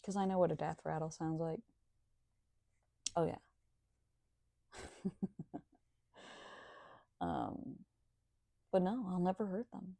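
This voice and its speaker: Slow, gravelly low-voiced woman. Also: dark tone, no echo, studio quality. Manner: sardonic and profane. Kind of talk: casual monologue to camera.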